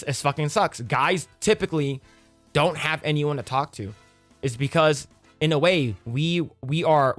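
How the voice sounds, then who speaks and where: A young man rants through casual commentary, cursing and getting heated as he goes. His voice sits a little high for a man. Faint music runs quietly behind him. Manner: profane, ranting, animated.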